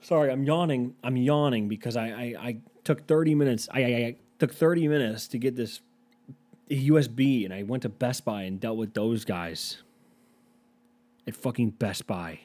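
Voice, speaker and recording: A man's voice: mid-range voice, moderate pace, a little mellow. A man hosting a casual solo podcast, rambling and sarcastic with plenty of swearing. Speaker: podcast host.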